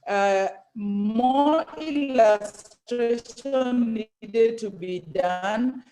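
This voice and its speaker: Debate judge, middle pitch, halting delivery with fillers, on a video call. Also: dark tone, soft background music. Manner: halting, with many pauses and fillers.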